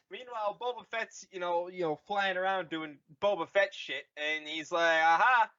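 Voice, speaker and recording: A man co-hosting a comedy podcast, excitedly recapping a film, swearing and acting out the characters as he goes. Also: high voice, unhurried, no room sound. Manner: excitable, swearing, acts out characters mid-story. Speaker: podcast co-host summarizing the film. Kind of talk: casual comedic podcast chat. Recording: dull lo-fi podcast audio.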